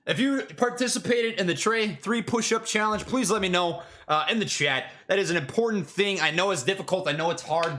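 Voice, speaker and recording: A young man chatting casually on his stock trading livestream, excitable, jokey and full of slang. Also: high-pitched.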